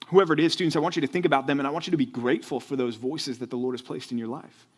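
A man preaching to students. He speaks earnestly, repeats words as he gets going and builds up to loud, fired-up emphasis. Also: a little high. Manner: repeats words when excited. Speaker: youth pastor. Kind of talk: sermon to students.

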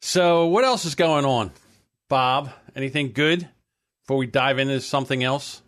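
A man's voice: mid-range voice, normal speed, a bit bright. A man co-hosting a podcast in casual banter, blunt and swearing freely. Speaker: podcast co-host.

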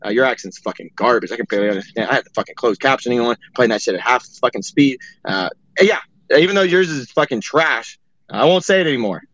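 A man's voice: medium pitch, expressive, quick pace, a bit bright, no echo. A man hosting a heated live audio chat, profane and mocking, with a lot of "uh" fillers. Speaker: space host. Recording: dry, dull lo-fi audio.

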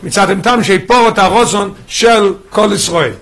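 Man, rabbi teaching a class, emphatic, quick pace, husky voice. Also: high voice, a bit bright. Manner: emphatic, mixes in Yiddish and Hebrew terms. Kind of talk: Torah class lecture.

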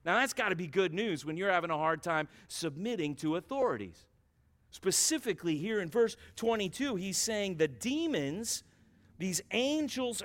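A man's voice: fairly high pitch, expressive, moderate pace, fairly bright tone. A man preaching a sermon as pastor, emphatic and repetitive. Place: church.

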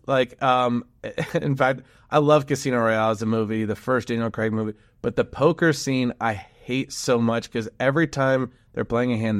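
A man's voice: medium pitch, dry recording, clean studio sound. Chatty man on a podcast. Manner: chatty, laughs while explaining. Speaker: podcast co-host. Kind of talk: casual chat.

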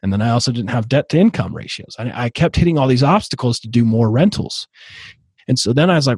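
A man in his thirties, a podcast guest telling his own story in a halting way, with many fillers and restarts. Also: medium pitch, expressive, darkish tone, slightly rough, no room sound. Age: 30s. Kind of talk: casual interview storytelling.

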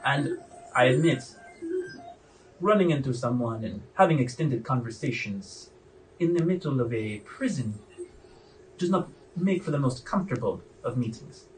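A man's voice: medium pitch, animated, moderate pace, recorded from a distance, a little hiss or hum, lightly acted, rough recording. A man voicing a stern dwarf warden woman. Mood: menacing. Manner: suspicious, coolly menacing, falsely sweet. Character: stern female dwarf prison warden with a limp.

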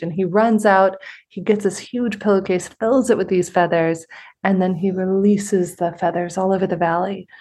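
A woman hosting a spiritual interview podcast, telling stories in an earnest, animated way. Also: medium pitch, moderate pace. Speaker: podcast host. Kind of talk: conversational interview with storytelling.

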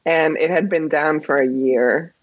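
Guest voice: woman, low and husky, dry dull recording, chatty and laughing. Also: unhurried, dry recording. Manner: laughs often, animated storytelling. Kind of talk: casual interview chat.

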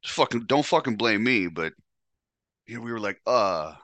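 A man's voice: mid-range voice, lively intonation, moderate pace, fairly bright tone, dry recording. A man hosting a podcast, telling a candid personal story in a blunt, profane, confessional way. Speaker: podcast host.

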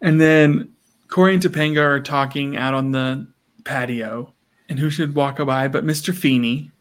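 A man's voice: mid-range voice, steady tone, normal speed. A man co-hosting a podcast, recapping a sitcom episode in casual chat and acting out characters' lines in playful voices. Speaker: podcast co-host.

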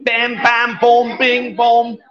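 A man's voice: extremely high pitch, monotone, slow, highs cut off, crowd noise. A man hosting a live stream from a bar, chatting and bantering casually with a jokey manner. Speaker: livestream host. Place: busy bar with a pool table.

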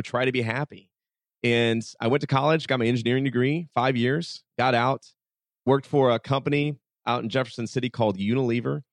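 A mid-range male voice belongs to a podcast guest telling animated, casual stories in an interview setting, complete with acted-out dialogue and many "like"s. The studio sound is clean, without echo.

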